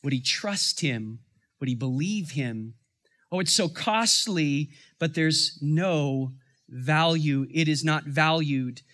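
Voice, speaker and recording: Bright-voiced man preaching a sermon. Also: on the high side, takes it slowly. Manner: conversational preaching, rising to emphatic bursts. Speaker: pastor.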